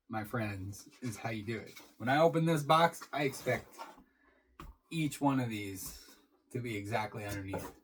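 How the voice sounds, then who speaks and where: A man's voice: medium pitch, a bit bright, slight background noise, poor audio. A man talking casually through an unboxing for his channel, rambling and swearing freely as he goes. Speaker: beer reviewer.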